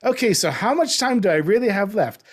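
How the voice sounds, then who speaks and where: A man in his fifties talking in a relaxed conversation, reflective and getting animated as he makes a point. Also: sits high, fairly quick, slightly rough. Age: 50s. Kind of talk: casual conversation.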